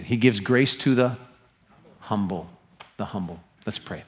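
A man's voice: lowish voice, unhurried, pauses often, slight background noise. Middle-aged guy preaching a sermon, earnest and emphatic, keeps asking the congregation questions. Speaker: pastor.

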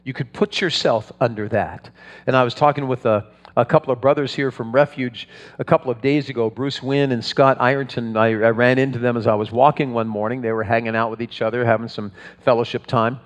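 A man's voice: mid-range voice, steady tone, brisk. A man preaching a sermon, telling stories in a conversational way with frequent restarts. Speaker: pastor. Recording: long hall reverb.

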